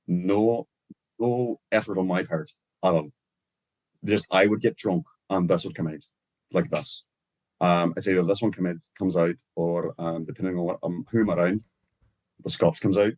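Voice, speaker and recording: A man's voice: sits low, darkish tone, dry recording. A man with an Irish accent, a podcast guest chatting casually and rambling easily through his explanations.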